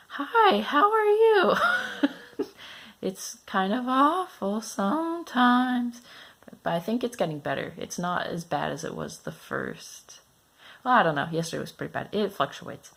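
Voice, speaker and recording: A man's voice: on the high side, gravelly, a bit bright. A man recording a casual video diary, speaking matter-of-factly. His voice is cracky. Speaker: vlogger.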